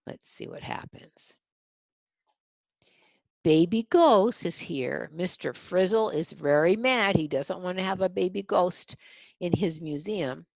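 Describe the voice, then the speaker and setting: A woman reads a children's picture book aloud and stops to talk through each picture. Her low voice is husky with a gravelly edge and moves up and down a lot. The sound is dry and close. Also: lively intonation, slow, a little mellow, no echo. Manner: explains the pictures to young listeners. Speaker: storybook reader.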